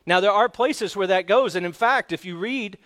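A man preaching a sermon as pastor, in a conversational way with quick asides to the congregation. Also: sits high, fairly bright tone.

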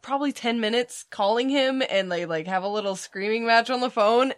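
A young woman co-hosting a podcast, casually telling a story, swearing freely and acting out what people said with big jumps in pitch. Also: fairly quick, clean tone, no room sound, clean studio sound. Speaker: podcast co-host.

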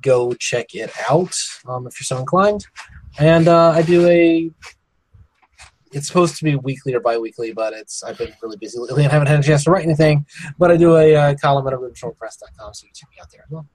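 A man's voice: on the high side, fast talker, darkish tone, no echo, low-quality recording. A man talking enthusiastically on a film podcast, often restarting his sentences. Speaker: podcast guest co-host. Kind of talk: casual podcast chat.

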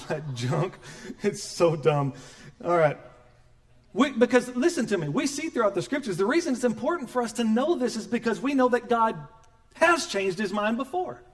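A middle-aged man preaching a sermon as pastor, animated and joking, acting out quoted voices. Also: high-pitched.

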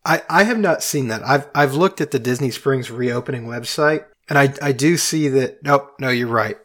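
A man's voice: medium pitch, normal speed, fairly bright tone. A man hosting a casual podcast chat, thinking aloud and hedging with frequent restarts. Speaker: podcast host.

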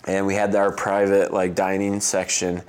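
This is a man from the United States in his thirties, talking as an interview guest in a loose, rambling, good-humoured way. His natural voice sits fairly low. When he quotes someone, he jumps up into a higher, livelier voice. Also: moderate pace, clear, resonant tone. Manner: animated storyteller who acts out quotes with a jump in pitch; loose and chatty, laughs often. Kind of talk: casual interview storytelling.

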